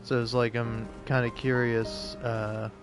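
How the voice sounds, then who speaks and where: A man's voice: mid-range voice, level tone, takes it slowly, over music. A man giving casual, rambling gameplay commentary, full of fillers and restarts. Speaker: gaming video creator.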